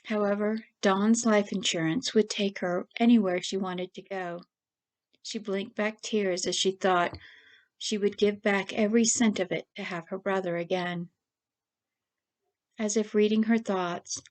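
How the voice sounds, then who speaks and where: A woman's voice: medium pitch, fairly even intonation, unhurried. Woman reading her own story. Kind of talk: story narration.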